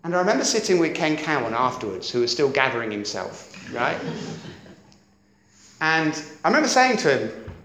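A middle-aged man preaching in a church hall, with a slightly higher voice than most men. He talks in a lively, chatty way and keeps checking in with his listeners. The room rings with echo, and a faint hum sits underneath. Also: normal speed. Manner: lively, conversational, keeps asking "does that make sense?". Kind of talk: sermon.

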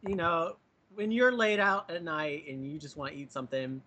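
Bright-voiced man in casual chat. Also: on the high side, animated, moderate pace. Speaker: podcast co-host.

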